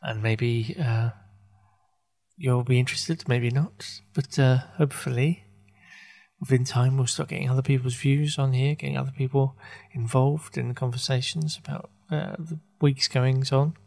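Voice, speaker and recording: A man hosting his own podcast, talking through a loose, halting monologue full of fillers, restarts and wry asides. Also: medium pitch, fairly even intonation, creaky, darkish tone. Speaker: podcast host. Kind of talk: rambling casual monologue.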